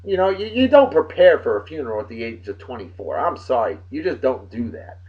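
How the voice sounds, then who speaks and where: Guy doing shout-outs on his vlog, voice jumps all over, kinda muffled lo-fi audio. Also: mid-range voice. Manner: loud, animated, drawn-out emphasis on names. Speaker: vlog host. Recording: dull lo-fi sound.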